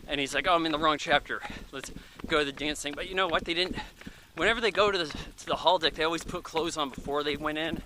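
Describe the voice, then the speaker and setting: A man's voice: a little high, noisy background. A man in his thirties giving a casual, rambling movie review, chatty and offhand, thinking aloud with plenty of fillers.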